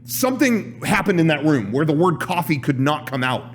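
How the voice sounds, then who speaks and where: A man's voice: fairly high pitch, fairly quick, slight background noise. A man co-hosting a casual podcast, telling a story and acting out the lines people said. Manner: animated storyteller, acts out quoted lines. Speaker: podcast co-host.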